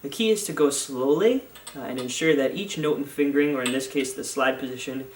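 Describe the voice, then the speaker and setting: A man's voice: mid-range voice, brisk, far from the mic, slight background noise. A male music teacher explaining practice strategies in a patient, instructional way, often using fillers as he counts off and chants note names. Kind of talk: instructional video lesson. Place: school band room. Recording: echoey room, off mic.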